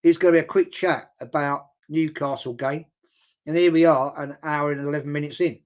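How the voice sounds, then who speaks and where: A man's voice: a little high, fairly even intonation, brisk. An older man hosting a casual live chat, rambling bluntly, swearing casually and repeating words for emphasis. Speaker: host. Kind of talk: casual live-stream chat reading viewer comments.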